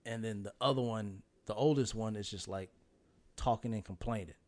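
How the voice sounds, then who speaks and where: A man's voice: on the low side, normal speed, a little mellow. Laid-back man telling family stories. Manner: laid-back storytelling, slangy, acts out family voices. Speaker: podcast co-host, father. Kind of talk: casual chat.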